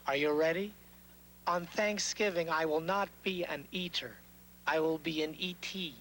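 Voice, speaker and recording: A man's voice: on the high side, moderate pace, a bit bright, lightly acted, rough recording. A wisecracking puppet turkey, played by a man, worldly and theatrical, who drops his jokes in a slightly raised voice. A faint hum sits under the recording. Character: witty, worldly talking male turkey. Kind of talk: puppet show acting.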